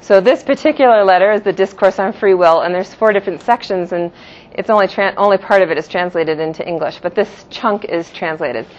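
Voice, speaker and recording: In a dull, lo-fi classroom recording, a woman with a mid-range voice lectures briskly to a Jewish philosophy class. She explains terms patiently and gives each one in two pronunciations.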